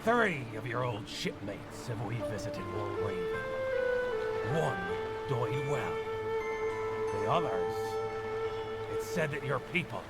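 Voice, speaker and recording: A gravelly, sly captured pirate. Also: male voice, mid-range voice, big pitch swings, slow, pauses often, over loud music. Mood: taunting. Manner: wheedling, then sly and taunting. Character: cunning captured male pirate posing as a farmer, pleading then mocking.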